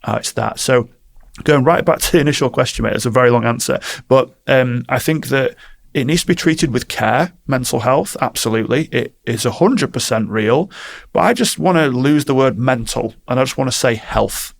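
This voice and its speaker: Male coach, gravelly voice, mid-pitched, animated storyteller for a casual interview. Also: moderate pace. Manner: animated storytelling, acts out quotes. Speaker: guest, performance coach.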